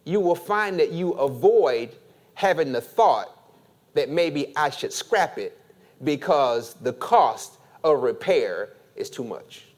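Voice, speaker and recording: A man preaching a sermon as pastor, slow and deliberate, asking his congregation for an amen. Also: fairly high pitch, lively intonation.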